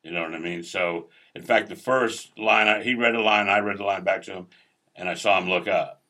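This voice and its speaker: A man with a very low voice that still carries a bright, forceful edge tells a loose, rambling story. He swears freely and keeps things laid-back as he chats with friends. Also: fairly even intonation, brisk. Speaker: actor. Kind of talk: casual storytelling chat.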